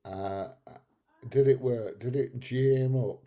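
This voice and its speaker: A man's voice: mid-range voice, slow pace, dark tone. A man with a Northern English accent hosting a casual livestream, reading out comments in a blunt, chatty way and laughing often. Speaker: livestream host.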